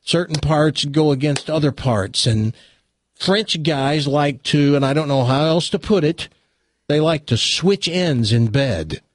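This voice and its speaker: A man voicing a blunt, stubborn, protective father in a spoken joke, earnest and halting, repeating his words. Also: a little high, expressive. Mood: stern.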